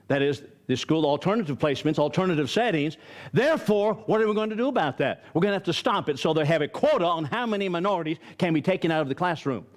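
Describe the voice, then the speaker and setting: An older man from Arizona teaching a Bible study, emphatic and firing rhetorical questions at his listeners. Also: a little high.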